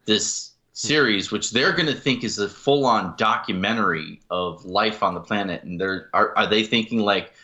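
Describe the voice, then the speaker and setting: A man's voice: fairly low pitch, normal speed, hardly any pauses, bright, forceful tone. A man co-hosting a podcast in casual chat, joking and riffing with frequent laughs. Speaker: podcast co-host.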